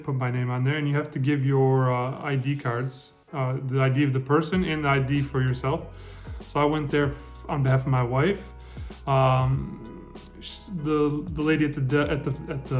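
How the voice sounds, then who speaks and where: A man giving a casual spoken lesson on getting by in France, relaxed and full of ums and restarts. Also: mid-range voice. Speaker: French language teacher. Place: lives in France.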